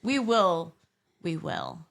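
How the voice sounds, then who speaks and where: A woman's voice: fairly low pitch, wildly swooping pitch, takes it slowly, creaky, fairly bright tone. A woman co-hosting a podcast with a nasal voice, chatting casually and playfully. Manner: playful, laughs along. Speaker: podcast co-host. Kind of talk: casual chat.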